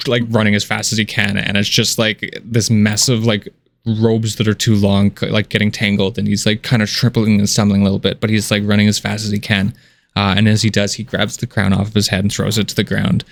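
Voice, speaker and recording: Man, game master, casual narration, low voice, gravelly. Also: level tone, normal speed. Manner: casual, many fillers, descriptive.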